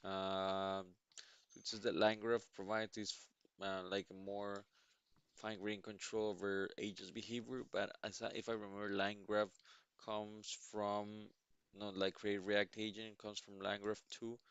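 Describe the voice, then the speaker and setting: A man live-streaming his coding, reading documentation aloud and musing with halting restarts; he sounds sleepy. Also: lowish voice, little pitch movement, fairly bright tone, clear, resonant tone, no echo, lo-fi sound. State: sleepy, yawning. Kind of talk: thinking aloud while reading docs.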